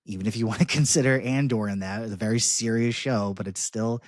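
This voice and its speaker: A man co-hosting a podcast in casual chat, talking in halting bursts with frequent restarts. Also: fairly low pitch, fairly even intonation, dry recording, clean studio sound. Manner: halting, many restarts and fillers. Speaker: podcast co-host.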